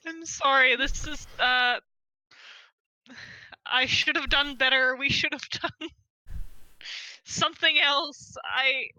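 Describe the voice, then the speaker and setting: A woman voicing a drunk young woman who rambles apologies through tears, halting and slow. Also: high-pitched, steady tone, sharp tone, no room sound, exaggerated voice, low-quality recording. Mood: remorseful. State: crying.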